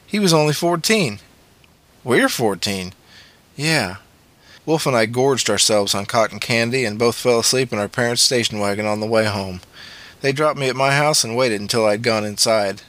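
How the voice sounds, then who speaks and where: A man's voice: lowish voice, fairly quick, fairly bright tone, dry recording. A man narrating a memoir audiobook in a plain, matter-of-fact way.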